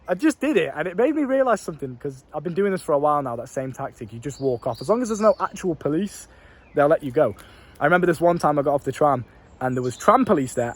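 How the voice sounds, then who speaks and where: A young man talking bluntly to camera, telling stories and swearing freely as he gives dating advice. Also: on the high side. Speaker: dating coach vlogger. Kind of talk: casual monologue to camera.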